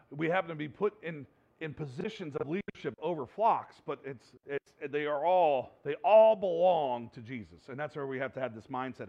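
This pastor's voice sits a little high, with some vocal fry and the upper frequencies cut off. He preaches earnestly, repeating words, restarting sentences, and laughing between his points.

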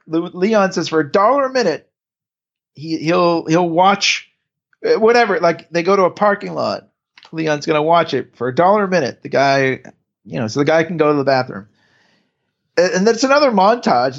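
A man's voice: a little high, expressive, fairly quick, lo-fi sound. A man co-hosting a podcast, recapping a TV episode in casual chat, rambling with restarts and laughs. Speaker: podcast co-host.

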